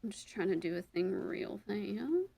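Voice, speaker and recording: A woman's voice: medium pitch, animated, normal speed, gravelly, warm tone, slightly rough. A woman streaming a game with a friend in playful casual chat, swearing freely and joking. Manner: playful, swears casually, acts out quotes in a whisper.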